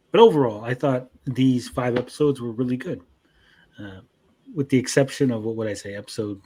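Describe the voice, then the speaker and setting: A man's voice: medium pitch, darkish tone, slightly rough. Man, young adult, anime review co-host, casual chat, profane, acts out characters, mid-range voice. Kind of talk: casual chat recapping episodes.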